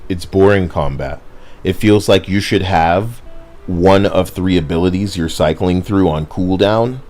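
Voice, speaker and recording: Young guy streaming, low voice, rambly, chats with viewers, faint music. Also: a little mellow. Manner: rambling, apologetic, talks to chat. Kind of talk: casual game stream commentary.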